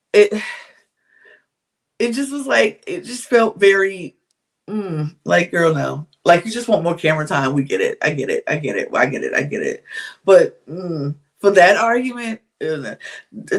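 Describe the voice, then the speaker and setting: A woman hosting a podcast, giving a candid, chatty recap of a reality show, with frequent sighs and laughs. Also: fairly low pitch. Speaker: podcast host.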